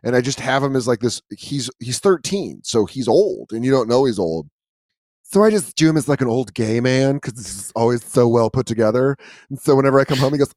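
A man hosting a casual chat, telling animated stories with casual swearing. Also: mid-range voice, brisk, dry recording, studio quality. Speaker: podcast host.

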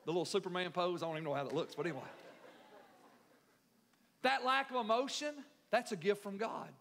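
A middle-aged man preaching a sermon as pastor, building from quiet, measured talk up to loud, forceful preaching. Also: sits high, gravelly, slight background noise. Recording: echoey hall reverb.

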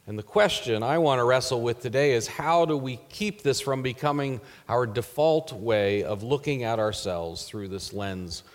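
A man preaching a sermon as pastor, earnest and measured, letting his phrase endings trail off softly. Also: medium pitch, long reverb tail.

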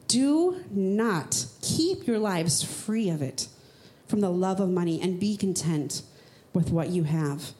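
A woman pastor preaching a sermon in church, speaking casually and with emphasis, sometimes jumping up high for rhetorical questions. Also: lively intonation, slow pace, a little mellow, slight background noise.

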